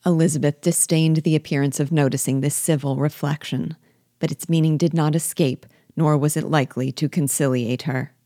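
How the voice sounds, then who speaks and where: A woman reading a classic novel aloud as a guide, measured and expressive. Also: low-pitched, dry recording, clean studio sound. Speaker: reader and guide.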